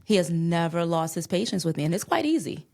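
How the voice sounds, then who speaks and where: A woman's voice: lowish voice, sing-song, brisk, a little mellow. A woman guest on a podcast, talking with emphatic conviction and faith. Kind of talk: casual conversation.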